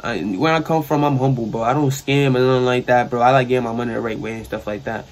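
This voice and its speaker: There's slight background noise as a young adult man, medium-pitched and quick, tells a story in his New York accent. As a vlogger doing a casual storytime from his sister's bedroom, he rambles and slips into slang while animatedly retelling what happened.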